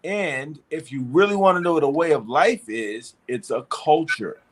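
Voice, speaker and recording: A man's voice: on the high side, expressive, normal speed, breathy edge. A man co-hosting a casual chat show, hyped and preachy, who builds his lines out of rhythmic repetition. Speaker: co-host.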